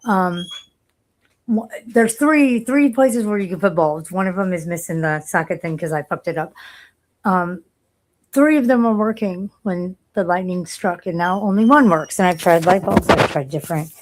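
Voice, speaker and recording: A woman's voice: on the low side, animated, normal speed. A woman chatting casually from inside her car, rambling bluntly and swearing freely. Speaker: vlogger. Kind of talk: casual chat.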